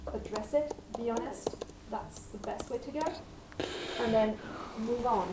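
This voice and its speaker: A woman's voice: on the high side, a little slow. A woman who manages a sales team, speaking in a firm, direct way as she gives her team's rules. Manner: firm and direct, giving instructions. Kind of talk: casual discussion. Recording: distant mic with clear background noise.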